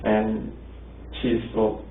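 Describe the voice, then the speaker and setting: A man's voice: very slow, noisy background. A man in a recorded interview, talking hesitantly with lots of fillers, in an interview room. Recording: tinny, echoey room recording from far off.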